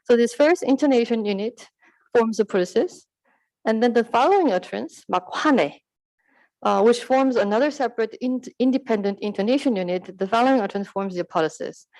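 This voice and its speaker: A woman's voice: a little high, fast talker, darkish tone, dry recording, rough recording. A woman presenting her research at an academic conference, explaining carefully and correcting herself with fillers and restarts.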